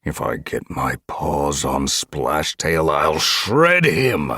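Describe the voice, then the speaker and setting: A man's voice: low-pitched, animated, moderate pace, no room sound, clean studio sound. Man doing a growling, furious old cat leader. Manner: growling, hot-tempered. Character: furious, bossy old tomcat clan leader.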